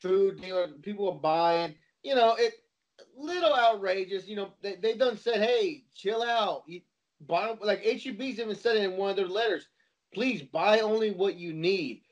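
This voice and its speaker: A man in casual group chat, rambling and halting as he talks. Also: sits high, lo-fi sound.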